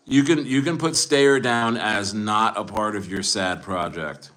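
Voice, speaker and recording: A man's voice: on the low side, unhurried, hardly any pauses, fairly bright tone. Boastful rambling man in his forties. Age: 40s. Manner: boastful, rambling, frequent restarts. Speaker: livestreamer. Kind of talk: livestream chat with viewers.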